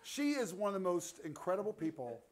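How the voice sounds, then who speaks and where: A man hosting a talk show, enthusiastic and halting with many restarts. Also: high voice, big pitch swings, background noise. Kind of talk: casual chat.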